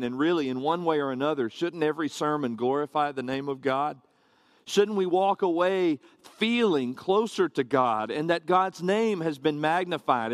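A man's voice: a little high, dry recording, studio quality. A male pastor giving a conversational, explanatory sermon from a church platform, with asides to the congregation. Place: church sanctuary, standing on a carpeted platform.

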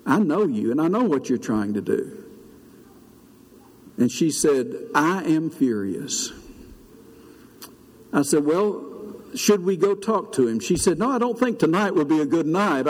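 Older man, pastor, earnest storytelling sermon, pitched a bit high, long church reverb. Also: expressive, moderate pace, husky. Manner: storytelling, earnest, rises high when preaching. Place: church sanctuary.

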